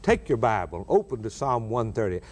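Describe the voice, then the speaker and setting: A middle-aged man preaching a sermon with passion, asking rhetorical questions and repeating phrases, dropping low and then rising into raised cries. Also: very animated, normal speed.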